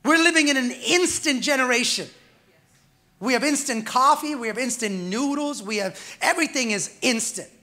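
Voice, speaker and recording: High, bright-voiced preaching pastor. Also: male voice, lively intonation, normal speed. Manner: emphatic preaching that swells louder and drops quiet by turns; calls out to the congregation. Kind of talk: sermon.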